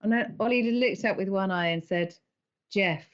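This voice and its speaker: Animated woman telling stories. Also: medium pitch, brisk, lo-fi sound. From England. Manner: animated storyteller, laughs often. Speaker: podcast guest. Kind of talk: conversational interview.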